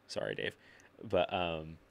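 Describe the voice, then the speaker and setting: Very low-voiced young man telling stories. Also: very animated, slow pace, creaky. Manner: storytelling, lots of filler "like", swearing. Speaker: podcast guest. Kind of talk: casual chat. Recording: live podcast.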